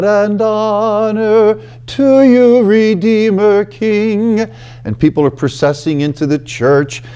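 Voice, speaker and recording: A male priest giving a reflective scripture talk, explaining in an unhurried way and reading scripture slowly and solemnly. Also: fairly high pitch, dark tone. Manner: frequent fillers and restarts, unhurried explanatory delivery.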